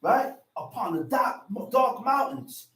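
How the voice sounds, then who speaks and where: A man's voice: very high voice, lively intonation, slow pace, fairly bright tone. A male preacher giving an emphatic, repetitive sermon, reading scripture and restating it in slang. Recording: echoey room, far from the mic.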